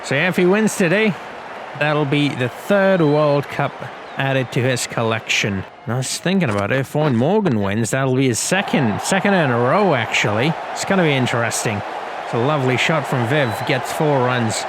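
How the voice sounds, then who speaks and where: A man's voice: mid-range voice, lively intonation, moderate pace, crowd noise, noisy background. A man hosting a gaming video, giving casual play-by-play commentary in a chatty, rambling way with slangy asides.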